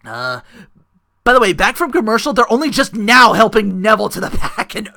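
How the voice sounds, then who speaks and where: A man's voice: high-pitched, very animated, a little fast, creaky, sharp tone, no echo, clean studio sound. A man hosting a casual wrestling recap podcast into a home microphone, rambling and profane, laughing often. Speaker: podcast host.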